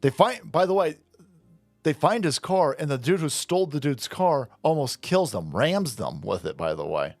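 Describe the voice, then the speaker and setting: A man's voice: a little high, sing-song, moderate pace, dry recording, faint music behind. A man ranting sarcastically and indignantly in a commentary vlog, with frequent swearing. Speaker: political commentator.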